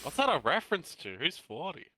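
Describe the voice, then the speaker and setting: A man joking and teasing as co-host on a live stream. His voice is bright and lively, with lots of pitch movement, and the sound is dry and close. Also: brisk, dry recording.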